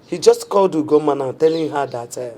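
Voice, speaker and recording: A woman's voice: low voice, animated, fast, dark tone, slight background noise. An actress with a Nigerian accent playing a middle-aged wife who reproaches her husband. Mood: worried. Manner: reproachful, pleading.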